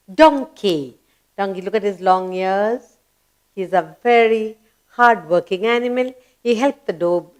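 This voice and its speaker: A woman teaching young children, asking questions, answering them herself and spelling words letter by letter in an emphatic, coaxing way. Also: medium pitch. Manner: emphatic, coaxing classroom delivery. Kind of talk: children's grammar lesson.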